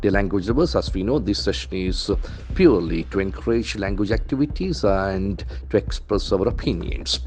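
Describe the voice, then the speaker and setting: A man teaching vocabulary from newspaper headlines, repeating and spelling out words slowly. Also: on the low side, expressive, darkish tone, soft background music. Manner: slow, repetitive, spells out and stresses words. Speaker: English language trainer.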